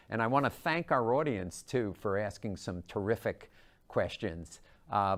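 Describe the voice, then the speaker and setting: Man, moderator; lower voice, polite and upbeat, reads questions, thanks guests. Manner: upbeat, polite announcer wrap-up. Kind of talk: moderating a live broadcast.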